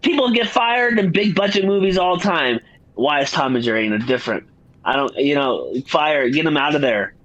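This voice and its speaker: A man co-hosting a casual film review podcast, animated and mock-outraged, laughing often. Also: fairly high pitch, normal speed, no room sound, muffled recording. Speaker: podcast co-host.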